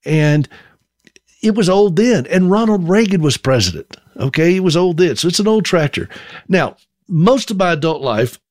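A middle-aged man from South Carolina, speaking with a Southern accent in a voice on the high side, tells a folksy, self-deprecating story as a monologue. The audio is studio quality with no echo.

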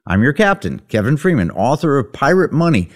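Radio show host, male, lively and playful, mid-pitched, breezy theatrical patter. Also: fairly quick. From Texas. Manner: lively, playful pirate-themed delivery with laughs.

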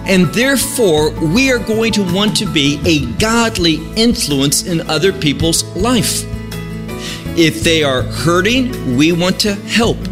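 Slow, lively-pitched male Bible teacher over guitar. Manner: slow and measured, with emphatic phrasing. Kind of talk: sermon-style radio teaching. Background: guitar music.

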